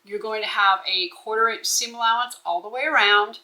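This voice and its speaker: Woman instructor, crisp bright voice, patient step-by-step sewing walkthrough. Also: on the high side, steady tone, fairly quick, rough recording. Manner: instructive, checks in with "okay?". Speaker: bag-making instructor.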